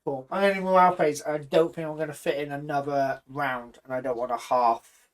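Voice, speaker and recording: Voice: medium pitch, fairly even intonation, fairly quick. Joking player at a board game table. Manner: jokey asides and playful banter. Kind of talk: casual tabletop playthrough chat.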